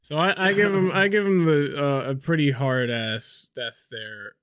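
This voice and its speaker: A man playing a tabletop game, playful and quick to laugh. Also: on the high side, a bit bright, clean tone, no room sound, studio quality. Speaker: player. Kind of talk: casual tabletop role-play.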